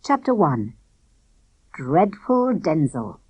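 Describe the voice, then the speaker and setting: Female audiobook narrator, children's story, bright animated delivery, dry studio read. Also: low voice, takes it slowly, husky, no room sound, highs cut off. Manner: expressive, lively storytelling. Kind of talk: scripted children's book narration.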